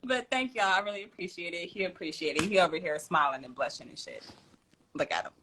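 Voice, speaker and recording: A woman's voice: lowish voice, fast talker, noisy background. A woman hosting a tarot livestream from home, chatting casually in slang, laughing often and reading out viewer comments.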